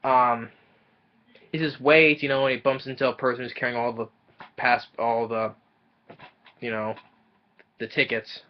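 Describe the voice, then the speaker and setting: A man's voice: mid-range voice, little pitch movement, a little hiss or hum. Guy rambling thru a movie recap, lots of um and like, stops and restarts, kinda dull lo-fi sound. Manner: rambling and halting, with many fillers and restarts. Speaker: movie reviewer. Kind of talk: casual spoken film recap.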